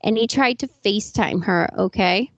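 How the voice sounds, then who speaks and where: A female podcast co-host rants indignantly in casual commentary, profane and emphatic. Her mid-range voice is fairly bright and moves at a moderate pace. The sound is dull, lo-fi and dry, with no room sound.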